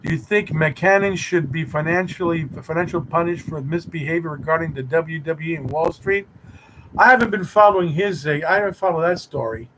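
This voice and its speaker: A man's voice: on the high side, brisk, a bit bright, slight background noise, rough recording. A man hosting a live stream, chatting with viewers in a teasing, mock-romantic way. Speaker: livestream host reading chat. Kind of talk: rambling playful live chat.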